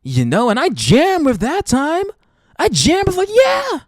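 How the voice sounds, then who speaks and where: A young adult woman sits close to the mic in a dry, dead-sounding space and rants with open, frequent swearing. Her voice sits high and leaps all over its range as she builds to emphatic peaks. She talks as a podcast host in an impassioned monologue. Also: wildly swooping pitch, measured pace, no echo. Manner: heavy swearing, emphatic ranting.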